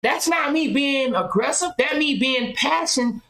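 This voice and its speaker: A woman hosting a podcast, talking loudly and passionately, firing off rhetorical questions in casual commentary. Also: high voice, measured pace, echoey room, rough recording. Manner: loud, impassioned, rhetorical questions. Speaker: podcast host.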